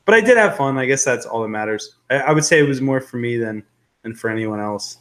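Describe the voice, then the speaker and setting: A man's voice: medium pitch, expressive, a little fast, fairly bright tone. Chatty male livestream host. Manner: rambling, joking, reads viewer comments aloud. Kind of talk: casual live-stream chat.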